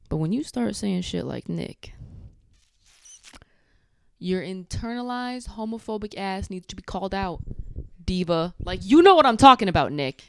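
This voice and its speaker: A woman's voice: on the low side, no room sound, studio quality. A woman hosting her own channel, giving a blunt, profane, sassy recap of a reality show. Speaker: YouTube recap host.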